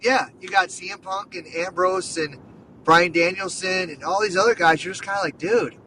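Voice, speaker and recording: Excited high-voiced man chatting sports. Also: moderate pace, far from the mic, slight background noise, poor audio. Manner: excited, rambling, lots of "dude" and "like". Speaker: podcast host. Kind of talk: casual sports chat.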